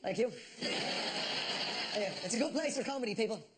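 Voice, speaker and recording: An Irish man does stand-up and tells his stories fast, with mock outrage. His voice sits high for a man. This is a noisy live studio recording. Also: expressive. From Ireland. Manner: rapid storytelling, mock outrage. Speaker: comedian. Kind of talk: stand-up routine.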